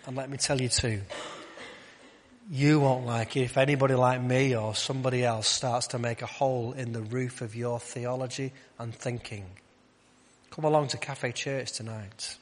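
Male preacher, conversational sermon, rhetorical questions, quiet emphasis, long hall echo. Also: mid-range voice, fairly even intonation, moderate pace.

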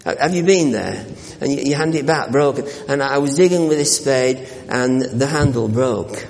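A man preaching a sermon as a pastor, earnest, with repeated words and restarts, slowing down to read scripture. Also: medium pitch, lively intonation, gravelly, darkish tone, long reverb tail.

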